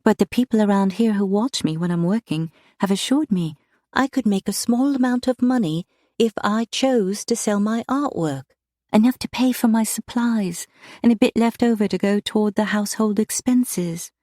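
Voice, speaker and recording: A woman's voice: mid-range voice, moderate pace, mellow, no room sound, clean studio sound, voice pushed up, natural voice. A woman voicing a timid, earnest young woman painter who speaks eagerly and a little breathlessly.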